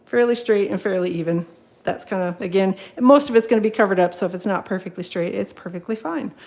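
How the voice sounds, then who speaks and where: A woman's voice: medium pitch, fast, a little mellow, rough recording. A woman demonstrating card making in a live home tutorial, chatting casually with many fillers and greeting viewers as they join. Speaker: craft demonstrator. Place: craft room at home.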